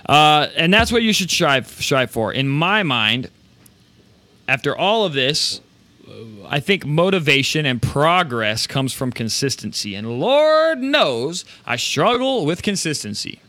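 A man hosting a live show, giving casual, energetic motivational talk about running a print business, with rambling restarts and some swearing. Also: fairly high pitch, a little slow, no room sound.

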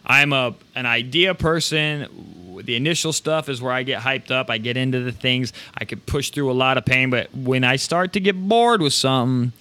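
A live-show host with a medium pitch and moderate pace delivers an informal, energetic motivational talk on running a print business. His delivery rambles and restarts, with some swearing mixed in.

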